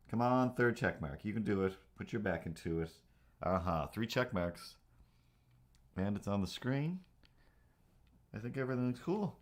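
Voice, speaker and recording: A man's voice: on the low side, lively intonation, unhurried, pauses often. A man hosting his own livestream, chatting casually and playfully to himself and his cat in a rambling way. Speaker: livestream host.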